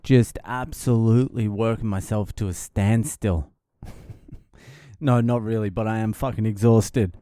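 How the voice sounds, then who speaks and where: A man rambles through a casual podcast monologue, sardonic and heavy on swearing. His voice is smooth and resonant, recorded close and dry with no room sound. He often chuckles at his own jokes. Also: lowish voice, steady tone, a little slow, mellow, dry recording. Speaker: podcast host.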